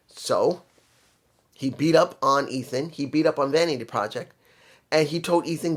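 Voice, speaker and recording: A man talking through a wrestling episode on his own, casual and opinionated. His voice sits a little high for a man, and he stops to hunt for words and restart his sentences as he goes. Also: moderate pace. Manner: opinionated, thinking aloud with fillers and restarts. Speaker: wrestling show reviewer. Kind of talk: casual solo commentary.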